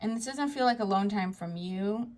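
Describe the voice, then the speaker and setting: A woman giving a tarot card reading to her viewers, talking to them directly in a soft, reassuring way. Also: mid-range voice, normal speed. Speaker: psychic tarot reader.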